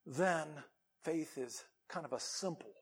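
A male pastor preaching with a high-pitched voice. He is animated and emphatic, breaking off into casual asides to his listeners. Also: takes it slowly, husky. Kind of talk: sermon.

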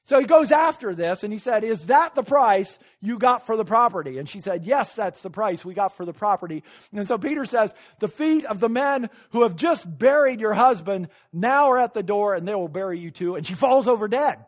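A male pastor preaching a sermon in a church, retelling a story with sudden loud peaks, hushed asides and laughs at his own points. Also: high voice, lively intonation, moderate pace, hardly any pauses.

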